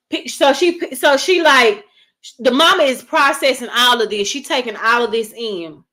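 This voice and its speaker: A woman hosting a casual movie review, retelling the plot. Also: on the high side. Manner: animated storyteller, acts out characters' lines. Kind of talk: casual spoiler recap of a movie.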